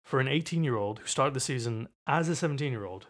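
Casting: British male co-host, quick and argumentative, casual podcast talk. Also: mid-range voice, expressive, a bit bright. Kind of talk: casual sports podcast chat.

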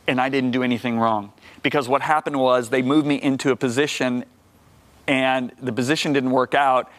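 A middle-aged man, a guest minister, telling a personal testimony on a talk show, acting out the dialogue and rising loud when emphatic. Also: medium pitch. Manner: acts out quoted dialogue.

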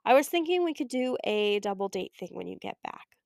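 A woman's voice: mid-range voice, sing-song, a little fast, vocal fry, a little mellow, no room sound, studio quality. A woman reading an audiobook, voicing a teasing, loyal young woman friend talking on the phone. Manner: teasing, blunt, playful. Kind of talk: audiobook character voice.

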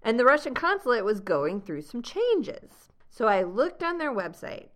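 A young American woman hosting a travel podcast, telling a story in a lively, laughing way. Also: fairly high pitch, normal speed. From United States. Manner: animated storyteller, laughs often. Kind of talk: casual storytelling chat.

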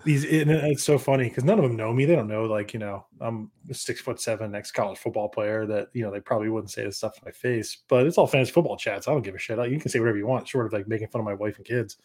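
A man's voice: lowish voice, a little mellow, slightly rough. Rambling, profane man talking football. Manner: rambling, profane, talks fast in bursts; confident fantasy football analysis. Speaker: podcast guest. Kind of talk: casual sports chat.

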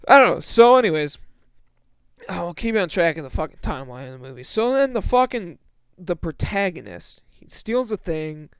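A man's voice: high-pitched, sing-song, normal speed, clear, resonant tone, no room sound, studio quality. A young man in a casual, exasperated rant about a movie, swearing and restarting his sentences as he rambles. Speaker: movie reviewer.

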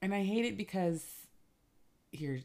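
A woman's voice: mid-range voice, animated, a little slow, darkish tone. A woman co-hosting a casual podcast chat, joking, laughing often and rambling between topics. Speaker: podcast co-host.

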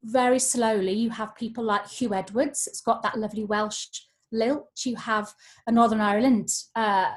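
Animated woman voice coach. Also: fairly high pitch, moderate pace. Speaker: voice coach guest. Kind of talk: podcast conversation.

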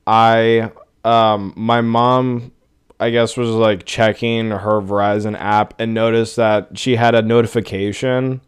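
A man's voice: fairly low pitch, little pitch movement, slow pace, clear, resonant tone. A young man hosting a casual solo podcast, ranting in an exasperated, profane way. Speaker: podcast host.

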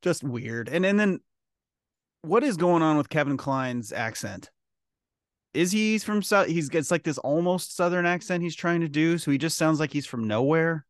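A man's voice: fairly high pitch, animated, moderate pace, dry recording, clean studio sound. A man co-hosting a podcast, joking and sounding incredulous as he talks about an old film. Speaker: podcast co-host. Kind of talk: casual film discussion.

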